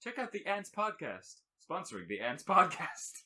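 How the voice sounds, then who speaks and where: A man's voice: high voice, huge pitch swings, normal speed, pushed and bright. A man co-hosting a casual podcast, rambling and joking, laughing often. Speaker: podcast co-host.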